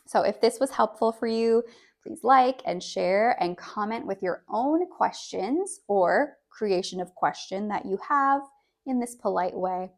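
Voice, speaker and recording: A woman teaching an online English lesson, carefully repeating each example sentence slowly. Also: mid-range voice.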